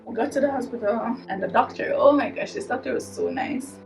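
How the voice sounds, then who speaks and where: A young woman with a Jamaican accent tells her story with a slightly high voice, lively and dramatic, breaking into laughs. Clear music plays underneath her vlog narration. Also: brisk, far from the mic, rough recording. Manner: animated, dramatic retelling with frequent laughs. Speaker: vlogger.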